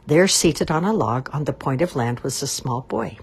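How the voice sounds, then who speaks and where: A woman reading a children's novel aloud in an expressive, measured way. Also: deep voice, husky. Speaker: storyteller.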